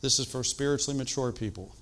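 An older man preaching a sermon, animated and emphatic, moving between loud outbursts and hushed, slow emphasis. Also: medium pitch.

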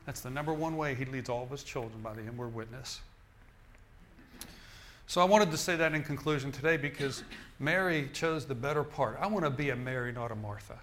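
A man's voice: mid-range voice, brisk, a bit bright, slight background noise. A male minister preaching a sermon in an emphatic, repetitive style, often restarting his phrases.

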